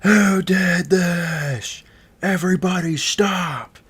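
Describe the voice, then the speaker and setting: A man's voice: medium pitch, expressive, normal speed, pitched above the performer's own voice, natural voice. A man voicing an angry female gym teacher who screams and accuses the class. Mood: furious shouting. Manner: screeching, accusing, losing her temper.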